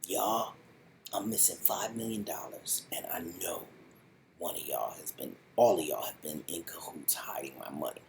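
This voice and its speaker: A man putting on the voice of an impatient, menacing male drug boss who talks in a low, clipped, threatening way. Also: animated, normal speed, gravelly, slight background noise.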